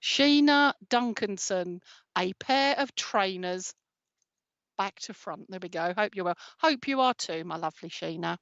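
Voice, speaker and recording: A woman hosting a live stream as a spiritual medium, chatting casually and greeting viewers warmly with many ums and endearments. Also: medium pitch, lively intonation, a little slow, dry recording. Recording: dry, slightly dull sound.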